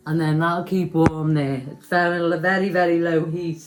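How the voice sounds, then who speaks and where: A woman's voice: lowish voice, level tone, moderate pace, music in the background. A woman, chatting casually and poking fun at herself while she cooks in her home kitchen for a vlog. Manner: chatty, self-mocking, talks to viewers while cooking. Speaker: home cooking vlogger. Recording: echoey kitchen with clattering pans.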